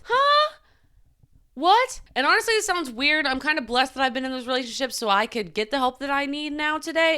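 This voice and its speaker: A woman's voice: on the high side, sharp tone, smooth. A young adult woman hosting a podcast, talking candidly and emotionally about her own struggles, with "like" in nearly every sentence. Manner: confessional, heavy use of "like", emotional. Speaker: podcast host. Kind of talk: candid personal podcast monologue.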